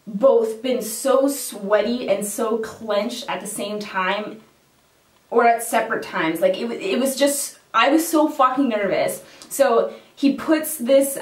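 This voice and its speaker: A woman telling a story to camera in a casual vlog, swearing freely, laughing often and retelling things dramatically. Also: fairly high pitch. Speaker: makeup vlogger. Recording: roomy echo, mic at a distance.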